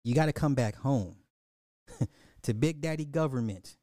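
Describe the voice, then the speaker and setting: A man's voice: mid-range voice, unhurried, dark tone, no echo. Profane ranting man, dry podcast. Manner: profane, mocking, scolding the listeners. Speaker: podcast host. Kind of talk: ranting social commentary.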